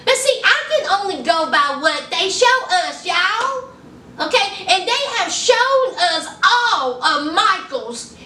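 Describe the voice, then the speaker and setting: A high, bright-voiced woman with a drawl dishes on a reality show, leaning on "okay?" and "y'all." She takes her time, and she sits a little away from the mic in an echoey room with faint background noise. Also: recorded from a distance. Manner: sassy, animated, talks straight to viewers with "okay?" and "y'all". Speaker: TV recap vlogger. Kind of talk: sassy casual recap monologue.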